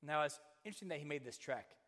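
Preacher telling a story in a hall. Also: male voice, fairly high pitch, rapid-fire. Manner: animated storyteller who acts out quoted voices. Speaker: pastor. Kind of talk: sermon with storytelling. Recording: hall reverb.

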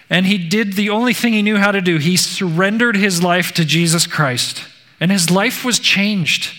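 Male preacher, earnest storyteller, very unhurried delivery, long hall echo. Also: high voice, pushed and bright. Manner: slow, earnest, emphatic retelling. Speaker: pastor. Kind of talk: sermon storytelling.

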